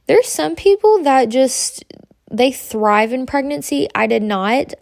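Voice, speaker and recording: A woman's voice: fairly high pitch, creaky, darkish tone, no echo, studio quality. A young pregnant woman, hosting a podcast and chatting candidly in a rambling, casual way. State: pregnant, about twenty-two weeks. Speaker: podcast host.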